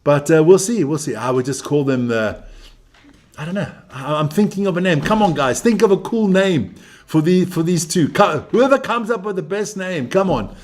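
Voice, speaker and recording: A fairly high-voiced man runs a live rugby watch-along. His talk is brash and loose, full of swearing, teasing and jokes, and he keeps turning to talk to his viewers. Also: lively intonation, normal speed, darkish tone. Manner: brash, profane, joking banter; chatty, talks to viewers and people nearby. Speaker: live stream host.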